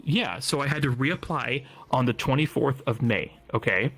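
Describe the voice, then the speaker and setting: A young man tells a personal story in a loose, casual way, stumbling over his words and dropping curses as he goes. His voice is bright and forceful, with a mid-range pitch. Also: moderate pace, slightly rough. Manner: rambling, repeats himself, swears freely. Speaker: storyteller recounting job loss. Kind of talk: casual chat.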